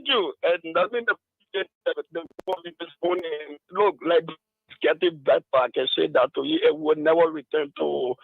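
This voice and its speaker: A man's voice: a little high, normal speed, creaky, dry recording. A man calling in to a radio show and making a declamatory political speech with repeated emphasis. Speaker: caller. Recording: tinny phone line.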